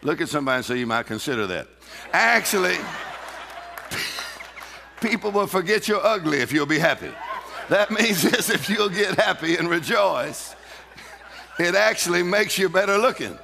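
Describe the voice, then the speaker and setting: A man's voice: high voice, animated, normal speed, creaky, long pauses, noisy background. A man preaching a sermon in a church, emphatic and laughing often as he calls out to the congregation. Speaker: pastor. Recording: reverberant hall.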